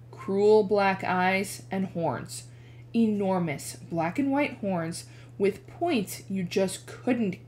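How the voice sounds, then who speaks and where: A woman teacher reading a chapter book aloud with expressive narration. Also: a little hiss or hum. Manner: animated, changes pitch for dialogue.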